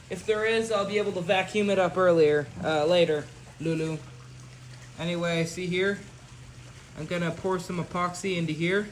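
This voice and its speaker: A young man with a slightly high voice talks his way through a home rocket build, circling back with "you know" as he works. A faint hum sits under his voice. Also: low-quality recording. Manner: rambling, full of "you know" fillers and restarts. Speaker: livestream hobby rocket builder. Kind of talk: casual livestream narration while working.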